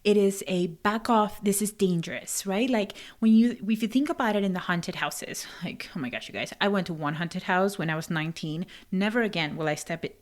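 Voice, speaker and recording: A woman hosting a podcast in a casual monologue, speaking English as a second language with an accent, laughing and sometimes dropping to a whisper for emphasis. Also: on the low side. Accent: non-native English accent. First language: not English. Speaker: podcast host and life coach.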